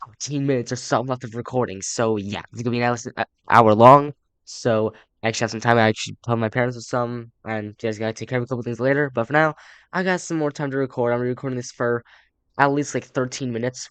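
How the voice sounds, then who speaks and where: A man's voice: medium pitch, steady tone, fast, fairly bright tone, clean tone, no room sound. A young man giving casual, rambling let's play commentary and reading game text aloud, with upbeat sign-offs. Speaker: gaming YouTuber.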